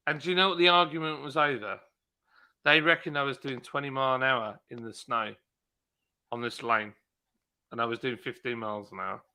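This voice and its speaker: A man hosting a live stream, chatting casually and telling stories in an animated way, acting out his own shouting. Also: mid-range voice, fairly quick, pauses often, smooth. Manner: animated storyteller, acts out shouting. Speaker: streamer host. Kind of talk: casual chat.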